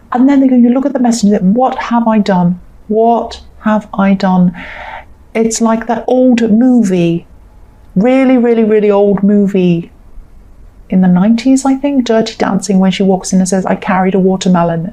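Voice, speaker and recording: A woman's voice: mid-range voice, mellow. A woman chatting through a tarot card reading in a rambling, casual way, with lots of fillers and repeats. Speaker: tarot reader.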